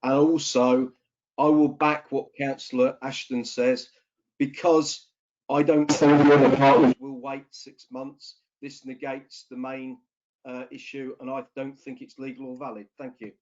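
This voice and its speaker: A man's voice: medium pitch, flat delivery, measured pace, a little mellow. A man councillor making blunt, firm objections in a council debate. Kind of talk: council meeting debate speech. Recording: dull lo-fi council chamber audio.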